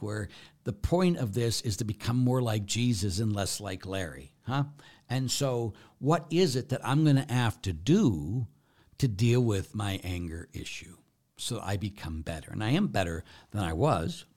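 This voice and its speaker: Brief: middle-aged male priest, low voice, preaching style, loud emphasis then quiet asides. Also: animated, unhurried. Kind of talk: sermon-style Q&A talk.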